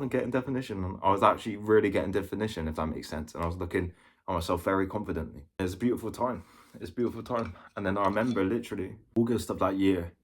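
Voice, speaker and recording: A young man, casually and candidly recounting his story, repeating himself and swearing now and then. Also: low voice. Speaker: vlogger.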